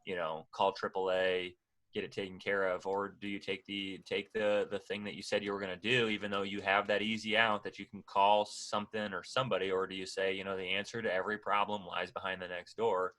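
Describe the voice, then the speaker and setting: A man's voice: deep voice, little pitch movement, fairly quick, a bit bright. A man on a podcast, casually giving earnest advice with a self-mocking edge. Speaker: podcast guest. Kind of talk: casual chat, reflective advice.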